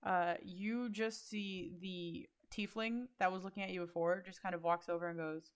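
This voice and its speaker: A woman's voice: on the low side, steady tone, normal speed, few pauses, clean tone. A woman narrating a tabletop game as game master, describing scenes loosely with lots of fillers.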